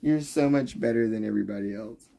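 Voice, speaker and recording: A man's voice: on the low side, fairly quick, vocal fry, dark tone. A young man from the United States ranting sarcastically and profanely at his livestream chat.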